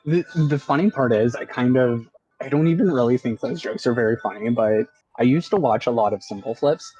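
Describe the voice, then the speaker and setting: A man chatting over voice chat while gaming, halting and hesitant with many fillers. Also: mid-range voice, mellow, breathy edge. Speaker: stream co-player. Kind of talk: casual voice-chat banter. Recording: dull lo-fi mic, faint music.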